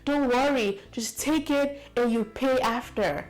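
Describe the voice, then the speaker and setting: A woman's voice: a little high, a little slow, a little mellow, voice pushed up, close to an everyday voice, low-quality recording. A woman voicing a kind, insistent female shop cashier who repeats short, clipped reassurances. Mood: reassuring.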